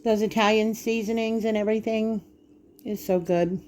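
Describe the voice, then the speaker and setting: A woman's voice: a little high, fairly even intonation, normal speed, darkish tone, a little hiss or hum. A woman hosting a casual home cooking vlog in her kitchen, chatting straight to viewers as she cuts food open and tastes it.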